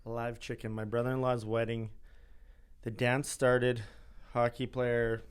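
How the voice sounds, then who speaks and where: A man from Canada tells a story in a relaxed roundtable, quick to laugh at his own punchlines. He talks at an everyday middle pitch, loose and conversational. It sounds like friends swapping stories. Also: clear, resonant tone. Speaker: podcast guest. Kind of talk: casual storytelling among friends.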